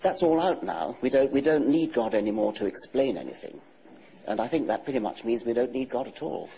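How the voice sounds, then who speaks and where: A man in his sixties with an English accent, a guest author answering questions in a TV studio interview in a measured, dry, matter-of-fact way. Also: medium pitch, expressive, vocal fry, warm tone, low-quality recording. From England. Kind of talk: TV talk show interview.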